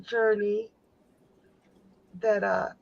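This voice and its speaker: A woman on a video call, telling jokes in a playful, unhurried way. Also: mid-range voice, flat delivery, creaky, highs cut off. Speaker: guest on a live stream. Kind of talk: casual joke telling.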